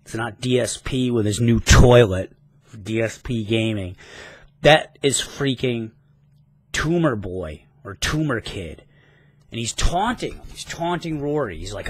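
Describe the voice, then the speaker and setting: A man's voice: medium pitch, expressive, measured pace, husky, no room sound. Casual rambling man reviewing comics. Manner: enthusiastic, rambling, casual swearing. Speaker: comic book vlogger.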